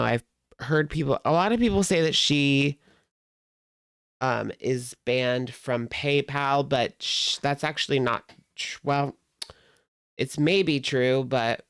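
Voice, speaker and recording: Sarcastic, exasperated commentary host with a smooth voice. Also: medium pitch, no room sound, studio quality. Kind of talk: casual reaction commentary.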